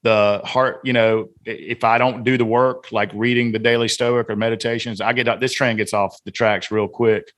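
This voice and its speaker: A man's voice: on the low side, level tone, normal speed, few pauses. A man from Atlanta, a guest author and coach on a podcast, talking in an earnest, emphatic, lecturing way. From Atlanta, Georgia, US. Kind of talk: casual podcast conversation.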